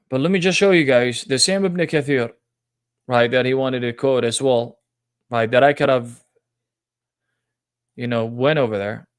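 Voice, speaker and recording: A man's voice: medium pitch, measured pace, long pauses, smooth, no echo, studio quality. A man hosting a live-streamed religious debate, talking in a confrontational, mocking way. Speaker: debate livestream host.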